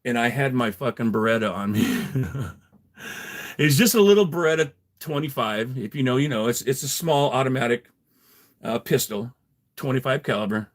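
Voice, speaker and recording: A man's voice: medium pitch, normal speed. A middle-aged man telling a story on a livestream, rambling and profane, chuckling as he goes. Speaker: livestream host. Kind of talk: casual storytelling.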